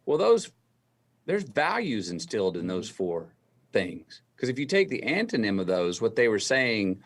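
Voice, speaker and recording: Gravelly-voiced man telling a story. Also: on the low side, big pitch swings. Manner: slow, deliberate storytelling, acting out remembered dialogue. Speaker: guest. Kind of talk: storytelling interview.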